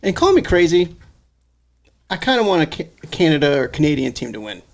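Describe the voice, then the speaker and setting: A young man talking casually and jokingly about sports as a podcast guest, loose and quick to laugh. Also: a little high, very animated, creaky. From United States. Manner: loose, jokey, laughs easily.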